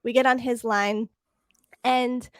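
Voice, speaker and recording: Chatty woman, bright storytelling voice. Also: fairly high pitch, steady tone, slow pace, no echo, studio quality. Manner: chatty storyteller acting out quoted dialogue. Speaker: podcast co-host. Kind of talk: casual chat.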